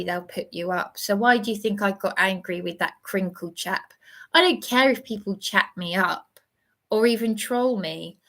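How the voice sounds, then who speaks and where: Slow-talking agitated woman. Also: medium pitch, fairly bright tone. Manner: agitated, rambling, stammers and restarts. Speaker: livestreamer. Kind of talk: emotional livestream monologue.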